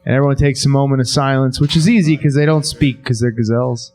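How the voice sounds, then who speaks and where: A man's voice: mid-range voice, steady tone, quick pace, a little mellow, faint music behind. A man doing a stand-up set in a basement venue, laid-back and rambling with lots of fillers. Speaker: stand-up comic.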